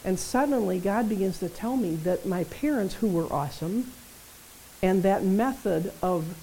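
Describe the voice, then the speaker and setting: Preaching with a warm, mellow, medium-pitched voice, a woman keeps her sermon conversational and animated, frequently checking in with the congregation through short tag questions. The audio is poor, with a faint hiss running beneath it.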